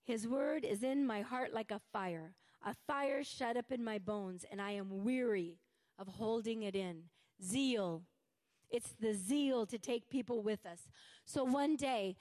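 A woman preaching a sermon with fervent emphasis, slowing down to stress key words. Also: on the high side, darkish tone.

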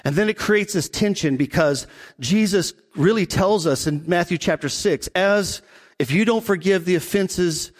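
A middle-aged man, a pastor, preaching a conversational sermon and slowing down on key points. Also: sits high. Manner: conversational preaching, slows for emphasis.

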